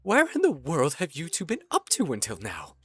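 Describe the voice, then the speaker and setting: A man's voice: fairly high pitch, huge pitch swings, normal speed, a bit bright, breathy edge, full character voice. Man putting on a wistful, hammy game character who swoops way up and down, music under it. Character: lonely hopeful survivor creature of a ruined world.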